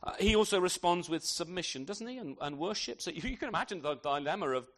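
A man preaching an expository sermon in a church, animated, asking his listeners rhetorical tag questions and restarting phrases as he goes. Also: sits high, fast talker. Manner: repeats words as he restarts phrases. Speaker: pastor.

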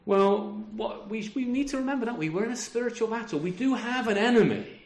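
A man's voice: high voice, animated, brisk, reverberant. A middle-aged man preaching a sermon over a video call, talking conversationally and often ending with tag questions. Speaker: pastor.

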